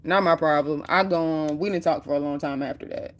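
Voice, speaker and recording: A woman's voice: low voice, fairly even intonation, fairly quick. Chatty woman telling a story. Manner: chatty, slangy, acts out the quotes. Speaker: storyteller vlogger. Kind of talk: casual storytime retelling.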